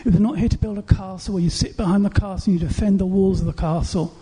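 A man's voice: high-pitched, steady tone, quick pace, mellow, breathy edge. A male pastor preaching a sermon, building his points through repeated rhetorical questions in an earnest, urging way.

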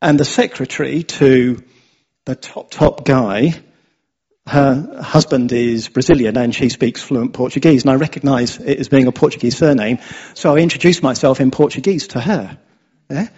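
A man's voice: mid-range voice, moderate pace, darkish tone, slightly rough. An English man giving a chatty sermon, often asking his listeners "yeah?" as he tells stories. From England. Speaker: preacher. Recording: dull lo-fi sound.

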